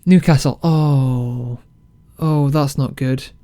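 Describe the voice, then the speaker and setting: A man casually commentating his football management game, excitable and self-mocking. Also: medium pitch, slow pace, no room sound. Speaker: game let's-play creator.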